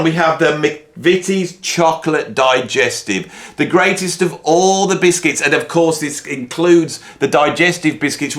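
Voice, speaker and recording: Middle-aged guy ranting half-jokingly, rambly, dry humor. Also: fairly high pitch. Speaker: video host. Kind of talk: casual ranking monologue.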